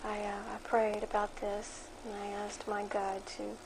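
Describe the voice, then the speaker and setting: A woman reading her own dream account aloud from her blog in a flat monotone, then adding religious commentary in a firmer voice. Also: mid-range voice, unhurried, background noise. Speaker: Christian blogger reading her dream journal.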